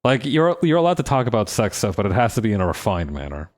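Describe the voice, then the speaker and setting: A man's voice: fairly low pitch, quick pace. A man playing a role-playing video game, joking and laughing as he comments on his choices. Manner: animated, joking, laughs often. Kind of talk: casual let's-play commentary.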